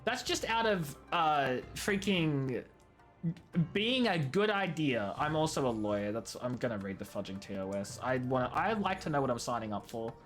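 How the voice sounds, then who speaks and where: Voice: mid-range voice, sing-song, normal speed, soft background music. A streamer in their late twenties chatting casually with viewers, ranting and mocking themselves, swapping swears for "fudging". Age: 20s. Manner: talks to chat by name, self-mocking. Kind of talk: casual live-stream chat while gaming.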